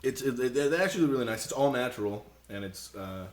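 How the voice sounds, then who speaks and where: A man's voice: medium pitch, lively intonation, fast. Young man hosting a casual podcast. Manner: chatty, laughs often, reads labels aloud. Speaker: podcast host. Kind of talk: casual chat.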